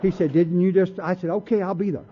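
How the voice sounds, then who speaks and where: At a recovery meeting, a man tells his personal story bluntly and in a streetwise manner, acting out what people said. He talks fast in a steady, high-sitting voice, captured on a tinny, phone-like recording with a little hiss or hum.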